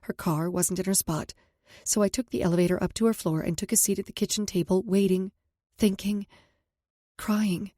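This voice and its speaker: A woman narrating a first-person romance audiobook in a steady, intimate way. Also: medium pitch, moderate pace, dry recording, clean studio sound.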